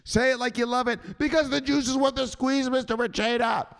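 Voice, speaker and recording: A man's voice: very high voice, fairly even intonation, fairly quick, gravelly, fairly bright tone, smooth, voice pushed up, heavily acted. A man putting on the voice of a blunt, tough-talking enforcer who barks orders and makes others repeat after him. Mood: bossy. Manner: barking orders and making others repeat his lines.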